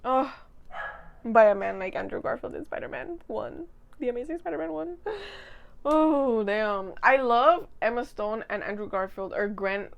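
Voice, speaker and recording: A woman's voice: on the high side, normal speed, gravelly, lo-fi sound. A young woman chatting casually into a desk mic at home, giggly and gushing as she rambles. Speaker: vlogger. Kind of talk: casual chat.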